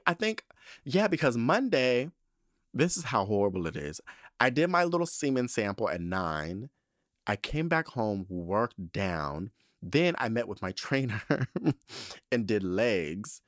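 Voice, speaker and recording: A young man hosting a podcast, telling stories in a casual, profane, animated way, with a tight, allergy-clogged throat. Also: medium pitch, no room sound, studio quality. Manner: animated, profane, dramatic voice swings into quoted lines. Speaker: podcast host. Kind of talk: casual storytelling monologue.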